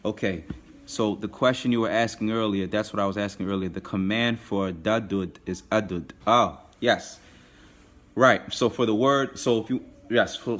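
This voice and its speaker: A man teaching a live online language class, patiently repeating phrases slowly. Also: lowish voice, a bit bright.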